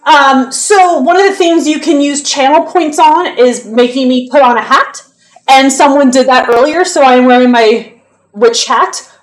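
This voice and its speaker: A woman's voice: high voice, moderate pace. A young woman chatting casually on a live stream, answering viewers' questions in a loose, talkative way. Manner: chatty, answers chat, counts reps under her breath.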